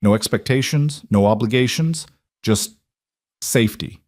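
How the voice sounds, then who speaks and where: A man voicing a weary, grieving widowed cowboy who speaks softly and earnestly. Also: mid-range voice, unhurried, no room sound, clean studio sound, natural voice. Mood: gentle. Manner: soft-spoken, quietly earnest.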